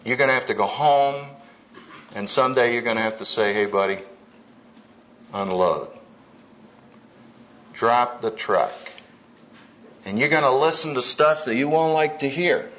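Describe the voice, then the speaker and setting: A man's voice: mid-range voice, moderate pace, a bit bright. A man preaching to an audience about marriage and family, punchy and humorous, acting out everyday scenes as he goes. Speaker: speaker at a Christian conference. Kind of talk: sermon. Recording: dull lo-fi tape with faint hiss.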